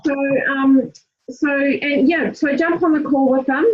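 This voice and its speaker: A team leader with a fairly high, steady voice coaches her team on a group call at a measured pace, direct and encouraging but full of fillers and restarts. The audio is dull and lo-fi, with slight background noise.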